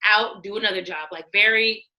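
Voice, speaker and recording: A middle-aged woman, a former studio executive, telling lively stories in casual conversation, acting out what people said and laughing often. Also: medium pitch, fairly quick, poor audio. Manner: animated, acts out quotes, laughs often. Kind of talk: casual storytelling.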